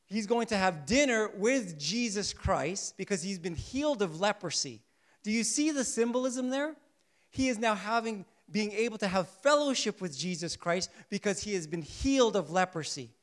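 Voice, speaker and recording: High-pitched male preacher, preaches with rhetorical questions, slow and soft on key points. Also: expressive. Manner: asks the congregation rhetorical questions and answers them; shifts between soft, slow emphasis and louder bursts. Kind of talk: sermon.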